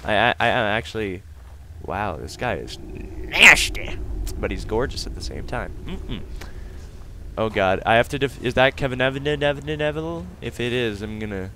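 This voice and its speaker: A young man giving casual let's-play commentary, excitable and silly, breaking into sudden loud outbursts and laughs. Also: mid-range voice, normal speed, a little hiss or hum. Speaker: gaming video host.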